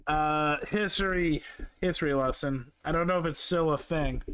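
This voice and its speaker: A man's voice: a little high, normal speed, a bit bright, clean tone, dry recording. A man streaming live, chatting casually over a video with candid, profane asides and many fillers. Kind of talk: casual chat.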